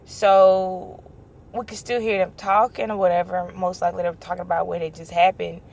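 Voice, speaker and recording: A young woman vlogger telling a story in a casual chat, lively and acting out the lines of the people in it. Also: on the low side, a little fast, gravelly. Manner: animated, acts out quoted dialogue.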